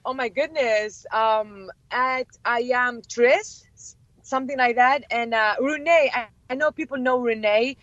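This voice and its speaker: A young woman and interview guest whose first language is Chaldean, telling excited stories with many laughs and acted-out quotes. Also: fairly high pitch, measured pace. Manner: animated, laughs often, acts out quotes. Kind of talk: excited storytelling. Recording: dull lo-fi, dry.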